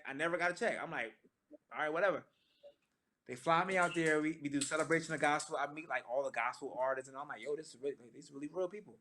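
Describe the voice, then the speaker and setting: A man in his thirties, a gospel singer, tells a story to a church audience in a lively, slangy way and acts out the lines he quotes. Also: on the high side.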